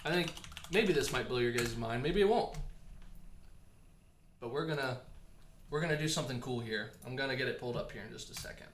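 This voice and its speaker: A man hosting a casual livestream, talking in a chatty, animated way and answering viewer comments while he slowly loses his voice. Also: medium pitch, roomy sound, slight background noise. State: losing his voice. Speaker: livestream host.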